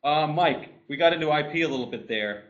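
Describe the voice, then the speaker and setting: A man's voice: fairly high pitch, brisk, lo-fi sound, a little hiss or hum. A man hosting a casual panel discussion, asking long rambling questions and stumbling over his words. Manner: rambling, self-interrupting questions. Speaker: host.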